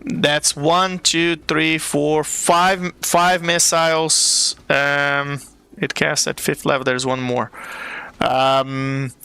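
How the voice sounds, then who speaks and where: A man running a tabletop game as game master, narrating at an easy pace with frequent pauses to think. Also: fairly high pitch, little pitch movement, vocal fry, bright, forceful tone, smooth. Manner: unhurried, with many fillers and restarts.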